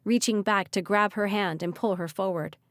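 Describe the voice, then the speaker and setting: A woman reading a young-adult fantasy audiobook in an expressive, vivid way on a close mic. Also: medium pitch, moderate pace, no room sound. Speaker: audiobook narrator. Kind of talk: audiobook narration.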